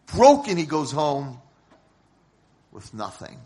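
A man giving a sermon as a rabbi, telling a story dramatically and swinging from hushed lines to shouted ones. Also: mid-range voice, animated, unhurried, long pauses.

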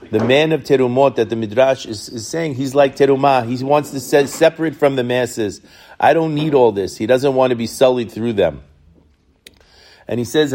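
A man's voice: medium pitch, darkish tone. Conversational man teaching midrash. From Brooklyn, New York. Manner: retells midrash in Hebrew then English, conversational. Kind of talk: Torah talk to a congregation.

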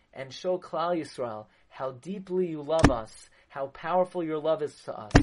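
Man, rabbi, sermon, high-pitched voice, impassioned, Hebrew terms in English. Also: heavy background noise. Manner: impassioned, rising to loud emphasis on key words.

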